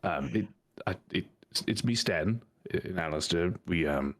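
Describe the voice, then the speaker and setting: A man's voice: low voice, animated, measured pace. A man playing a tabletop game who talks in character in a hesitant, polite way and often restarts his sentences. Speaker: player.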